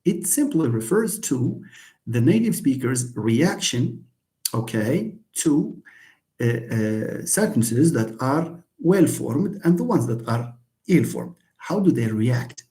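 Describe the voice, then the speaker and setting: Animated man giving a linguistics lecture. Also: mid-range voice, takes it slowly. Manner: animated, acts out examples, many fillers and restarts. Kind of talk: university lecture.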